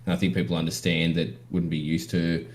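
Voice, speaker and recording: Deep-voiced Aussie bloke, rambling. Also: male voice, little pitch movement, brisk. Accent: Australian. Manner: rambling, heavy use of "like". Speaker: podcast co-host. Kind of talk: casual chat.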